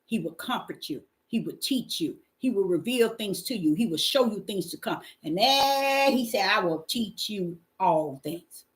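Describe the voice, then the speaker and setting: A woman's voice: medium pitch, expressive, unhurried, hardly any pauses. A woman, preaching an informal, fervent sermon and reading Bible verses aloud. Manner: fervent, call-and-response exclamations, Bible reading. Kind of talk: informal street-style sermon.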